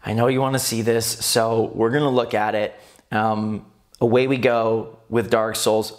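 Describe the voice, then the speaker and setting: A man hosting his gaming channel, reminiscing in casual commentary and jumping up high when amused. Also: measured pace. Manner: animated, rising to high squeals when amused. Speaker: gaming YouTuber host.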